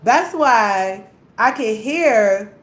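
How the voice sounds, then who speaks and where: A woman's voice: on the high side, expressive, extremely slow. A young woman, delivering a heated, blunt, profanity-laced rant as a vlogger. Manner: heated, blunt, repetitive, swearing often. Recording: echoey room with faint hum.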